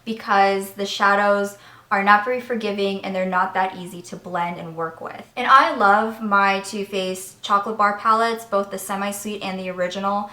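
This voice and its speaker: A woman's voice: medium pitch, pushed and bright, reverberant. A woman vlogger giving a candid makeup review and demo in a chatty, step-by-step way. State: voice cracking slightly. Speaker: beauty vlogger.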